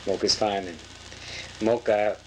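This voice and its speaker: An actress playing a giggly, theatrical trance medium who coaxes a spirit to speak in a comic séance. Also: female voice, very deep voice, unhurried, slight background noise, rough recording. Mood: coaxing. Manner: animated, giggling, coaxing.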